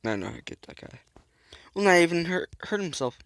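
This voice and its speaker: Here a man rambles goofily through a let's-play, joking at his own expense and making silly sound effects as he plays. His voice sits on the high side, very animated, brisk and a bit bright, with no echo.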